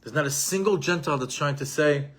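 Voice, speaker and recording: Husky-voiced man teaching Torah. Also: on the high side, fairly quick. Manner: animated, repeats himself, mixes in Hebrew terms. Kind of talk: Torah lesson to an audience.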